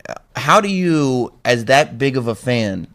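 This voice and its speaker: A man's voice: medium pitch, lively intonation, measured pace, a bit bright. Man asking eager interview questions. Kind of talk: casual interview.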